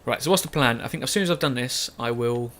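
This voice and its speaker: A man's voice: mid-range voice, quick pace, fairly bright tone, a little hiss or hum. A young man chatting loosely over gameplay, often correcting himself mid-sentence. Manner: rambling, self-correcting, chatty. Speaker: gaming YouTuber. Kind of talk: casual let's-play commentary.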